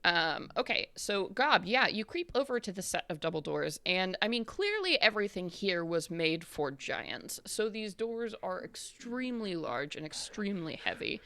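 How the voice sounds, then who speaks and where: A woman's voice: mid-range voice, very animated, normal speed, hardly any pauses, sharp tone, no room sound. A woman narrating a tabletop game as game master over a video call, chatty with many ums and uhs.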